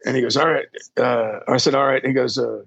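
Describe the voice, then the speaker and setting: A man's voice: mid-range voice, fairly even intonation, quick pace, vocal fry, a bit bright, slightly rough, no room sound, lo-fi sound. A man, a drum tech, telling rambling, profane stories in a casual interview and acting out the people he quotes. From Texas.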